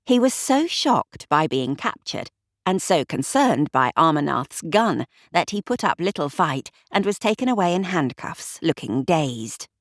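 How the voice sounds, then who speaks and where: A woman narrating a mystery audiobook with expressive storytelling. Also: low voice, a little slow, no room sound, studio quality.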